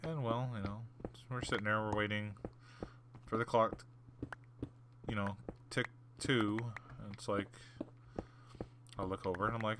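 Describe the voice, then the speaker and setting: Low-voiced man rambling over gameplay. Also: steady tone, unhurried, pauses often, background noise. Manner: rambling, many fillers and restarts. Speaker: gaming channel host. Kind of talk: casual storytelling over gameplay.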